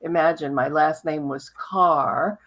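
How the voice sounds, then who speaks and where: A woman's voice: low-pitched, slow, fairly bright tone. A woman hosting an interview who chats and affirms her guest. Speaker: host. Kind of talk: conversational interview.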